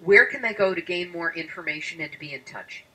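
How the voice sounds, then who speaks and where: A woman's voice: on the low side, a little fast, sharp tone. A woman hosting a radio-style podcast, earnest and emphatic as she questions and thanks her guest. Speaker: podcast host.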